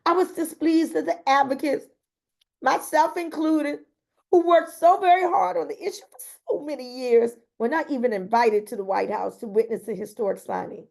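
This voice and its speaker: Earnest woman reading her memoir, gravelly. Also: high voice, normal speed, darkish tone. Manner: earnest, emotional, breaks off into personal comments. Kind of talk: reading aloud with spontaneous asides.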